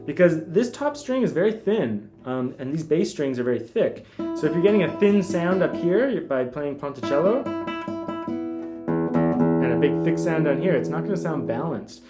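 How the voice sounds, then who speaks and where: A man giving a casual spoken guitar lesson, talking in a relaxed way between demonstrations, with guitar playing heard behind him. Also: on the high side, normal speed. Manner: relaxed, talks while demonstrating, counts fingerings aloud. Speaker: guitar teacher. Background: guitar music.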